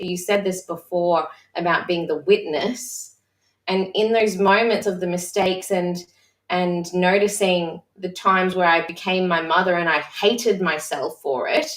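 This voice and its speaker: Candid reflective woman, far-off roomy sound. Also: on the low side. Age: adult mother. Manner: candid, reflective, halting with restarts. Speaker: session facilitator. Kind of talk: personal sharing in a live-streamed discussion. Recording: roomy echo, voice far from the mic.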